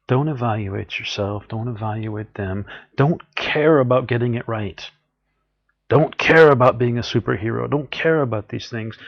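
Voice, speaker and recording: A man's voice: mid-range voice, highs cut off. Earnest man giving a spiritual talk. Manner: earnest, encouraging, acts out quoted people. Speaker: spiritual teacher.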